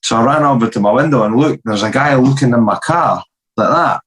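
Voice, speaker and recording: Swearing Scottish young fighter. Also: male voice, medium pitch, a little fast, fairly bright tone. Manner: swearing, laughing storyteller. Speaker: guest, professional MMA fighter. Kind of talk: casual podcast chat.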